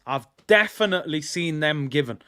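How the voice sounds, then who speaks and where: Animated man arguing a football call. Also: fairly high pitch, moderate pace, smooth. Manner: animated, repeats himself, argues with chat. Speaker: football watch-along host. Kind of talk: casual live match commentary.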